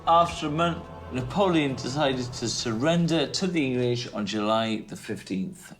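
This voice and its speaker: A man's voice: mid-range voice, expressive, normal speed, soft background music. A drunk man telling a history story in a rambling, jokey way. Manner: rambling, jokey, slips into silly voices. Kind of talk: drunken comic retelling of history.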